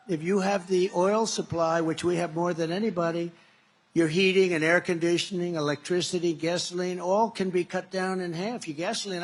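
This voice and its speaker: A man in his seventies giving a campaign rally speech at a factory, repetitive and boastful, retelling conversations in a conversational way. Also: high-pitched. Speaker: political candidate.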